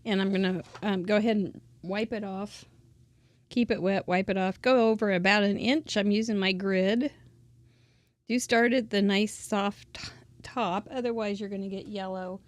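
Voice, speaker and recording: A woman's voice: medium pitch, fairly even intonation, moderate pace, no echo. A woman giving a chatty, casual crafting tutorial, drifting into asides and laughing often. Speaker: crafting instructor.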